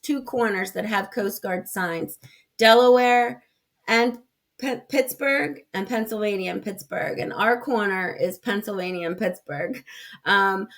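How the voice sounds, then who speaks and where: A woman's voice: mid-range voice, measured pace, fairly bright tone. A woman who runs a community foundation, talking as a podcast guest and explaining her programs earnestly with fillers and restarts. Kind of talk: casual interview conversation.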